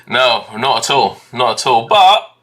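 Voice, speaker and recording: A man's voice: mid-range voice, very animated, measured pace, a bit bright. A man co-hosting a fan football live stream, laughing a lot and calling his co-host mate. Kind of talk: casual football chat.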